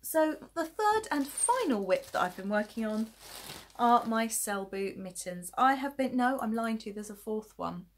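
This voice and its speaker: Showing off her knitting on camera late at night, a podcast host chats at normal speed in a slightly high, very animated voice, despite yawning from tiredness. She rambles, giggles, and makes self-deprecating jokes, with slight background noise behind her.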